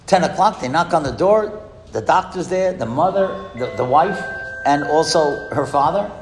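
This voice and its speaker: A man giving a storytelling speech in a school hall, lively and asking the audience questions. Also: on the high side, normal speed, faint music behind. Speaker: speaker addressing a school audience. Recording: echoey hall with long reverb.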